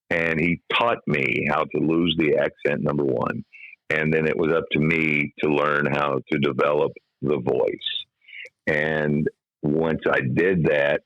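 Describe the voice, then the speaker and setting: A middle-aged Kentucky man, a comic hypnotist and former radio DJ, tells stories casually as a guest in an interview. His trained radio voice is rumbling low, gravelly, and fairly bright, captured in a dry, lo-fi recording.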